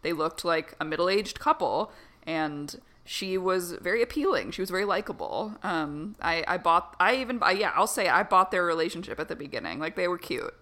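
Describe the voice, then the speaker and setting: A woman's voice: lowish voice, expressive, moderate pace. A woman co-hosting a casual podcast about a film, giggly and hedging. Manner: giggly, hedging, soft-spoken asides. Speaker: podcast co-host.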